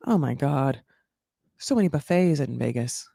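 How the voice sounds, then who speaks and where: Gossipy woman with a gravelly voice. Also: extremely low pitch, expressive, moderate pace, warm tone, dry recording, studio quality. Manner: gossipy, sarcastic, swears, lots of "like" fillers. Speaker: podcast host recapping a reality show. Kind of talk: casual chatty recap.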